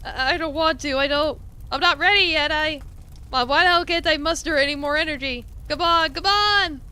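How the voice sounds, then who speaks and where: A woman voicing a panicked young hero trapped in a burning building, shouting and sobbing in desperation. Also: sits high, moderate pace, pitched above the performer's own voice. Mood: terrified. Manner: frantic, shouting and sobbing in despair.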